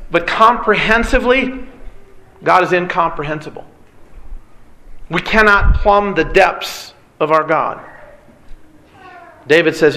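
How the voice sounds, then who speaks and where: A man preaching a sermon, earnest and emphatic, building points through repetition and pauses. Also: high-pitched, sharp tone, rough recording.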